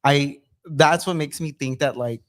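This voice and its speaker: A man's voice: a little high, measured pace. A man hosting a casual podcast, talking thoughtfully and hedging, with many "like"s. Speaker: podcast host. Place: studio room.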